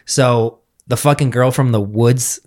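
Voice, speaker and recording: A man hosting a podcast, telling stories in a loose, profane, animated way. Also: mid-range voice, measured pace. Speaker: podcast host. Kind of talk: casual chat.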